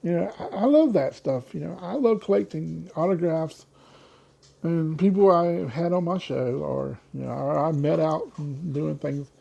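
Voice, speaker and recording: A man hosting his own podcast alone, chatting casually and drifting from thought to thought. His voice is gravelly, sits a touch high for a man, and has a dark, mellow tone. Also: measured pace, muffled recording. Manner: rambling, loses his train of thought. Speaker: podcast host. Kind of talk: casual solo podcast talk.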